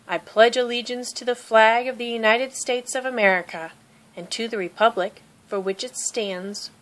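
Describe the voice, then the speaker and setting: A woman voicing a kind schoolteacher who explains things patiently to her class, in a clear, encouraging storybook reading. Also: a little high, fairly bright tone.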